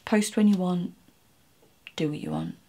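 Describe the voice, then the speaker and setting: A woman's voice: lowish voice, huge pitch swings, unhurried, warm tone. A woman talking straight to camera in an earnest, reassuring way, often restarting her sentences and sometimes close to tears. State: emotional, near tears at times. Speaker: YouTuber. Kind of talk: heartfelt direct-to-camera message.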